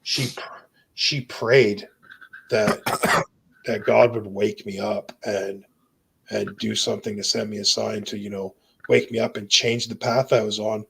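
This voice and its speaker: A man's voice: on the low side, level tone, unhurried, gravelly, a bit bright, slight background noise. A young man earnestly recounting a near-death experience in casual speech, peppering it with "dude" and "bro". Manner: intense, earnest storytelling. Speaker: guest telling his near-death story. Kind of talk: emotional personal testimony.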